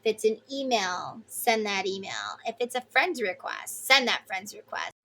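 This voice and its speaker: Bright-voiced, emotive woman tarot reader. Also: mid-range voice, very animated, normal speed, a little hiss or hum. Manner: emotive and chatty, with casual swearing. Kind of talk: casual tarot reading to viewers.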